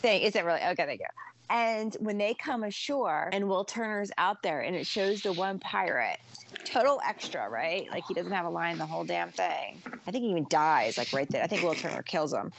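A woman in casual podcast chat, animated and blunt, with exclamations. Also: on the low side, fairly quick, creaky, noisy background.

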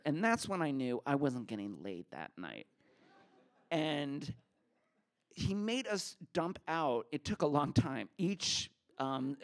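A man telling a personal story at a live story slam, lively and animated. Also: medium pitch. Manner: animated, acts out the other people in his story. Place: theater stage before a live audience.

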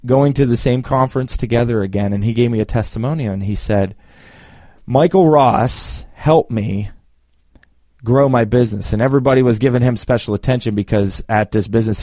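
A man working as a business coach who tells a client story with lively re-enacted dialogue. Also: fairly low pitch, dry recording, clean studio sound. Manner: animated storyteller, acts out both sides of the dialogue. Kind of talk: storytelling talk.

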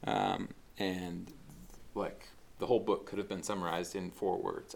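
With a very low, gravelly voice, a man gives a relaxed, casual sermon at a measured pace, sounding like a pastor teaching rather than performing. His talk is conversational and full of fillers and restarts, and there's a little hiss or hum in the recording.

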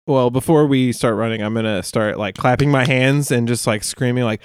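A man playing a tabletop game, brash and loud, shouting taunts in character. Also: mid-range voice, moderate pace, smooth, no echo, studio quality. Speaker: player.

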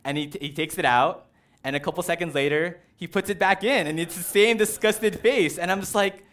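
A male preacher talks through a sermon in a casual, conversational way, animated and chatty. His voice sits a little high for a man. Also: fairly quick. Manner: casual, animated, uses "like" and "right".

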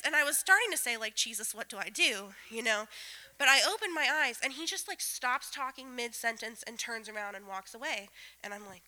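A woman telling a personal anecdote to a group with comic self-mockery, swinging from loud exclamations to hushed asides. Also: fairly high pitch, low-quality recording. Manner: comic self-mocking delivery. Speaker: storyteller.

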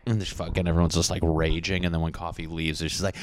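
A man's voice: deep voice, flat delivery, quick pace, few pauses, dry recording. A man in his thirties hosting a solo podcast from his apartment, rambling, swearing and mocking himself as he jumps between topics. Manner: rambling, profane, self-mocking. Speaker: podcast host.

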